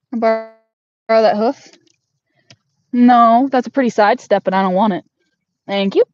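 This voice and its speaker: A woman's voice: mid-range voice, a little mellow, no echo. Chatty woman in a barn, lo-fi. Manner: rambling, chatty, baby-talks to her pony. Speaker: homestead livestream host. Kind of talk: casual livestream chat while grooming a horse. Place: horse barn arena. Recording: dull lo-fi sound.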